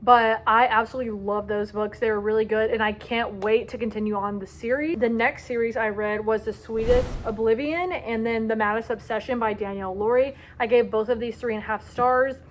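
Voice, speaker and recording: Young woman book vlogger, dramatic and gushing, a touch high-voiced. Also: fairly even intonation, fairly quick, few pauses. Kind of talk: casual book review vlog.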